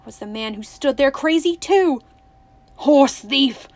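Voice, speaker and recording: A woman reads a novel aloud in audiobook style. Her telling is steady and expressive, and her voice sits slightly high. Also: moderate pace, no echo. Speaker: narrator. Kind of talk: audiobook narration.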